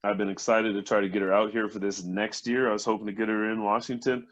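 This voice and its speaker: A man's voice: on the low side, level tone, quick pace. Male host for a comedy showcase; upbeat, hyped intros, muffled stream audio. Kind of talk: hosting and introducing comics.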